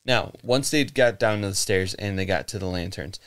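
A man's voice: low voice, normal speed, a bit bright, clean tone. An American man co-hosting a podcast, telling a legend in a rambling, casual way with swearing and laughs. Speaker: podcast co-host. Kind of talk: casual chat, storytelling.

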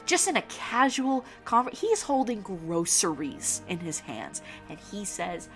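A woman's voice: medium pitch, big pitch swings, a little slow, hardly any pauses, faint music behind. A young woman hosting a podcast, chatting casually and enthusiastically about a film, rambling with lots of fillers and restarts. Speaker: podcast host.

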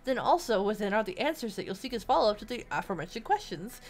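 A woman's voice: medium pitch, sing-song, quick pace. A theatrical spirit guide who welcomes travelers with grand announcements, read aloud by a woman. He or she slips into a chatty, offhand tone between the solemn phrases. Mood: grandiose.

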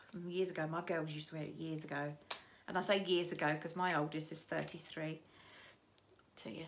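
Rambling through her shopping haul with lots of restarts, a grandmother in her fifties chats casually on her vlog. She speaks in a lowish voice over heavy background noise.

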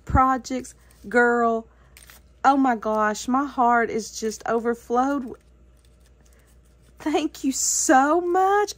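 A woman with a high voice talks slowly and warmly to her viewers as a craft vlogger. She gushes over each handmade piece and repeats her thanks again and again. Her speech rises and falls with delight. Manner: gushing, effusive thanks. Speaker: craft YouTuber. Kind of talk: casual unboxing vlog.

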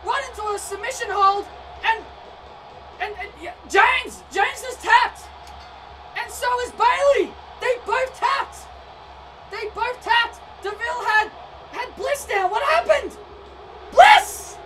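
A woman doing excitable play-by-play wrestling commentary over a video game, often shouting and tripping over her words. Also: very high-pitched, slow pace, long pauses. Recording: distant mic with noisy background.

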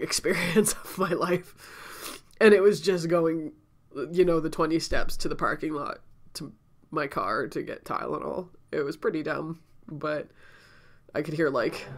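A woman telling a casual story-time vlog while sick and out of breath, chatty and rambling, often laughing and coughing between thoughts. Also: sits low. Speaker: vlogger.

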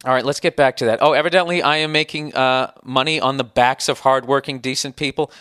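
A man's voice: mid-range voice, fairly even intonation, a little fast, fairly bright tone, clear, resonant tone, no echo, clean studio sound. A man hosting a solo podcast, answering listener email in a heated, sarcastic, profane rant. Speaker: podcast host.

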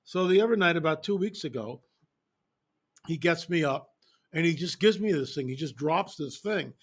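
A man speaking as an interview guest, telling stories in an animated, emphatic way and repeating phrases for effect. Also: on the high side, moderate pace, breathy edge. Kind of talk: casual interview storytelling.

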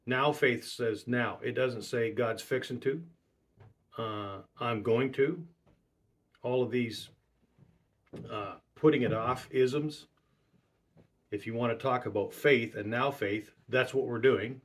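A man's voice: medium pitch, takes it slowly. A man preaching a sermon, stressing his points by repeating key phrases.

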